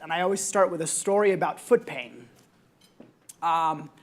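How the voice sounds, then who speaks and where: A young woman with a somewhat low voice speaks on a conference panel. She tells a personal story earnestly and reflectively, with frequent ums along the way.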